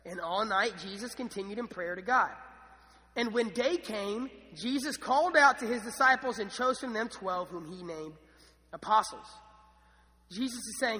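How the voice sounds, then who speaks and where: High-voiced enthusiastic young male preacher. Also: fairly quick, bright, forceful tone. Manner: enthusiastic, many restarts and fillers. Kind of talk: sermon. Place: church. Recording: church hall reverb.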